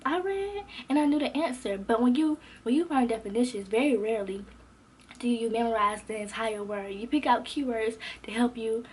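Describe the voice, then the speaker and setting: A young adult woman vlogger telling a casual storytime, animated and slangy, acting out what others said. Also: fairly high pitch, moderate pace, a little hiss or hum. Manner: animated, expressive, slangy, acts out quotes.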